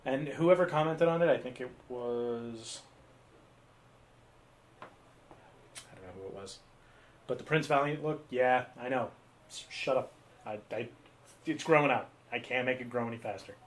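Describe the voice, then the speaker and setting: A man's voice: mid-range voice, normal speed, long pauses. A man co-hosting a live podcast stream, chatting casually and poking fun at himself while he fills time. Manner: rambling and self-mocking. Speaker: podcast co-host.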